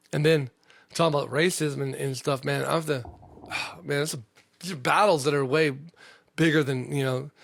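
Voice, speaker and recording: A man's voice: medium pitch, creaky, no room sound. A man hosting a comedy podcast alone, rambling, profane and jokey. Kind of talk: rambling solo podcast chat.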